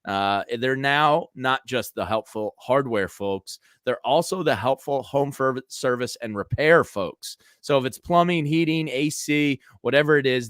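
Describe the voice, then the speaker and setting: A man's voice: mid-range voice, no room sound, studio quality. Chatty man reading ads and talking football. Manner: energetic, chatty ad reads. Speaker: podcast co-host. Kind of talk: casual sports chat with host-read ads.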